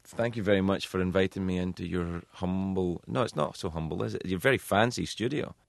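Man, deep voice, self-deprecating storyteller, dry studio sound, radio interview. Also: a little fast, creaky, no room sound. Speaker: talk show host as guest.

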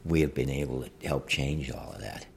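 Gravelly, very deep man in his 70s. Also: a little hiss or hum. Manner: plain, halting, conversational. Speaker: interviewee. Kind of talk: interview recollection.

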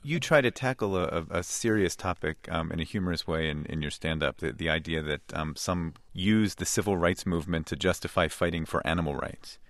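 A man hosting a public radio interview, measured and easily amused. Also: sits low, fairly bright tone, no room sound. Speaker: radio news host. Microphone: studio mic.

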